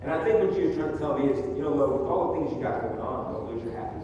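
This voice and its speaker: Young male motivational speaker on stage, slightly high voice, emphatic and repetitive, captured from a distance in a reverberant hall. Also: racing, dull audio, a little hiss or hum. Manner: energetic, emphatic, repeats phrases for effect. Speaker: motivational speaker at a training event. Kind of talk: live motivational talk to an audience. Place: large hall with live audience. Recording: echoey hall, distant mic.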